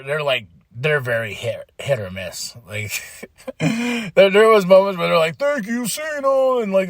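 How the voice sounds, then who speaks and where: A man's voice: on the high side, no room sound. A man hosting a podcast, recapping in a casual, emotional, rambling way with lots of restarts. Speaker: podcast host.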